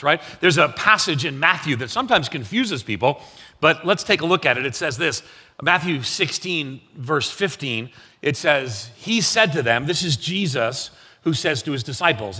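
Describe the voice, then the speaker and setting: Middle-aged guy preaching, keeps saying right?, bit high voice, emphatic. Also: husky. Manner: emphatic, rising to loud peaks, frequent "right?". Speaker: pastor. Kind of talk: sermon.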